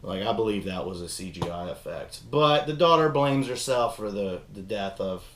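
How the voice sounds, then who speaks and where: A man's voice: lowish voice, normal speed, slight background noise. Casting: young male host, loose profane rambling chat, roomy echo. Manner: rambling, profane, animated retelling. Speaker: podcast host reviewing a film. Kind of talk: casual chat.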